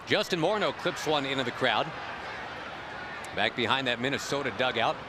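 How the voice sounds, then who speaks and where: A man's voice: medium pitch, expressive, moderate pace. A man doing play-by-play commentary on a baseball broadcast, joking and chatty between plays. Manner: joking, conversational. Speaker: play-by-play announcer. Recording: loud crowd and noise behind. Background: ballpark crowd.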